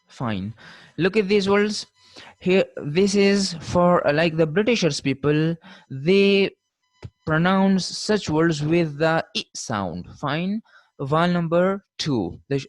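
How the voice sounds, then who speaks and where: A man's voice: fairly high pitch, dry recording. Dry-sounding man giving a linguistics lecture. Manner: repeats "fine" as a check-in, models pronunciations slowly. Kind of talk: recorded online lecture.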